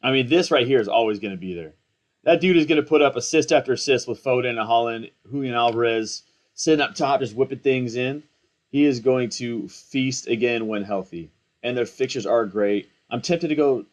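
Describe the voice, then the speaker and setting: An excitable young man talks through his picks in loose, slangy commentary, hyped up on coffee and rambling from thought to thought. His voice sits at an everyday middle pitch, and he mocks himself as he goes. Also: moderate pace. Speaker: fantasy football content creator. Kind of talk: casual live commentary.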